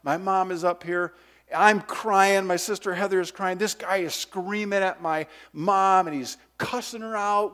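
A man preaching a sermon, telling a childhood story with lively voice and acting out the shouted moments, then leading a prayer. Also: sits high, normal speed. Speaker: pastor. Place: church sanctuary.

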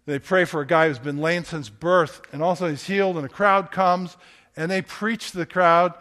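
High-voiced man preaching a sermon. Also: fairly even intonation, fairly quick, a bit bright. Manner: conversational storytelling with rhetorical questions. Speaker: pastor.

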